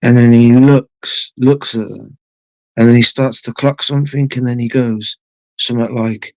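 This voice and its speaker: A man's voice: medium pitch, flat delivery, normal speed, darkish tone, no echo, rough recording. A man hosting a late-night live stream from home, chatting to viewers in a rambling, sweary way. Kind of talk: casual chat with viewers.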